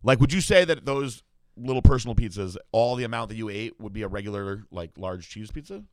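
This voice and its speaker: A man hosting a relaxed chat, telling a meandering story with casual swearing. His voice sits a little low. The sound is dry and close. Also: fairly quick, no room sound. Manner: rambling, swears, laughs at own story. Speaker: host and bodybuilding coach.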